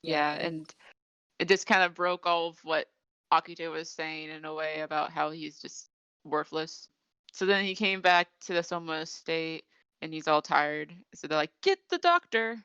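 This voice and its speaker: A woman's voice: low-pitched, steady tone, moderate pace, a bit bright, clear, resonant tone, no room sound, highs cut off. A woman podcast host in casual chat, recapping an episode in a rambling storytelling way with lots of fillers. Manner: chatty storytelling with many fillers.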